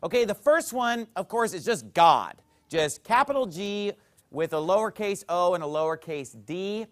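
A man with a fairly high, very animated voice preaches a teaching sermon in a church. He leans hard on key words, then drops to quiet asides, checking in with his listeners again and again. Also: normal speed. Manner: teaching with a chart, frequent "okay?" check-ins; emphatic swings between loud and soft. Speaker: pastor.

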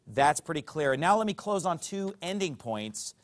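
A man's voice: fairly high pitch, big pitch swings, normal speed. A man preaching a sermon as pastor, emphatic and fond of rhetorical questions.

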